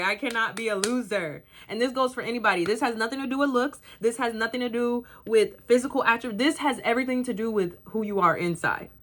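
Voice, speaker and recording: A woman's voice: a little high, sharp tone, slight background noise. A young woman in her twenties vlogging at home to camera, giving a blunt, sassy motivational talk and swearing freely. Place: bedroom at home, indoors. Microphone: camera facing her.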